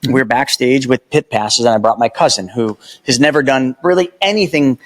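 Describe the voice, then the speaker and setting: Male guest, mid-pitched, emphatic storyteller, chatty and a bit preachy. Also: a little fast. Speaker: podcast guest. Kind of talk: casual conversation.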